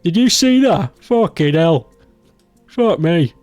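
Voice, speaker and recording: A man puts on a shocked British bloke with a put-on accent, blurting out curses. The voice sits fairly high and swings widely in pitch. The sound is dry, with a bit of music underneath. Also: lively intonation, slow pace, a little mellow, no room sound. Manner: exclaiming, swearing. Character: startled swearing British bloke.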